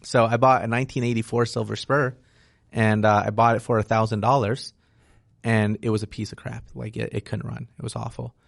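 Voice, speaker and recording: A man's voice: mid-range voice, little pitch movement, fairly quick, vocal fry, no room sound, studio quality. A man speaking as a real estate investor guest in a casual interview, frank and explanatory, often tagging "right?" onto his points.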